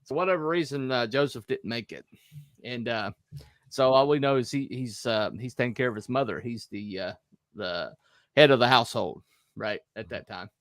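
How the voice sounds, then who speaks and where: A man hosting a casual chat, telling a story in a lively way, acting out quotes in raised voices and laughing often. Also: medium pitch, normal speed, no echo, studio quality. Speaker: host.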